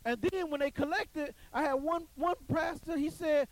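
A man's voice: extremely high pitch, moderate pace, rough recording. A man telling a story to an audience in an emphatic, preachy way, often repeating his phrases. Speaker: commentator on church life.

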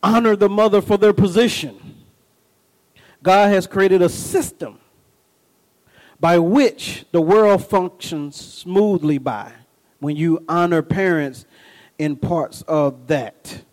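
A middle-aged pastor with a high voice preaches slowly, pausing often, and the audio is poor. He shifts from folksy stories and call-and-response asides into animated, emphatic bursts that climb in pitch, sounding lively and personal, as if speaking straight to his congregation.

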